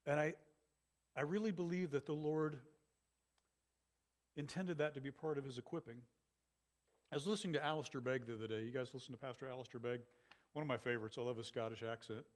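A male pastor giving a sermon in a conversational, animated style with many asides to the congregation. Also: medium pitch, fast talker, long pauses.

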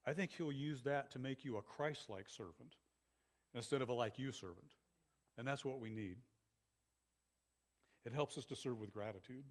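In this sermon, a man of medium pitch speaks as a pastor, animated and conversational, often turning aside to address the congregation directly.

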